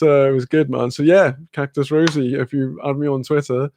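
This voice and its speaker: A man's voice: medium pitch, fairly even intonation, moderate pace, hardly any pauses, a little mellow, no echo. A man chatting casually with his live-stream audience, rambling and laid-back, swearing offhandedly and laughing often.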